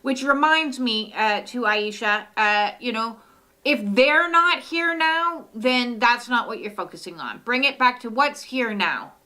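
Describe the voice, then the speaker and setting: Bright-voiced woman reading oracle cards. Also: on the high side, animated, measured pace, hardly any pauses. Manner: soothing, with many "uh" fillers. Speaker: oracle card reader. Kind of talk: live oracle card reading. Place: home studio.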